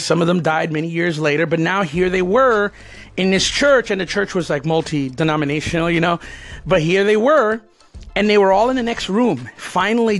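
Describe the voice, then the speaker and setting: Man with a high voice, an ex-gator wrestler telling a wandering personal story straight to camera. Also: fairly bright tone. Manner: rambling, digressive. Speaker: former alligator wrestler.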